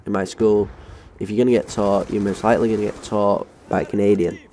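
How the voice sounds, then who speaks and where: A man's voice: lowish voice, flat delivery, fairly quick, dark tone, a little hiss or hum. A young man with an English accent telling a rambling, sweary story time while playing a game. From England. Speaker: gaming channel host. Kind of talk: story time over gameplay.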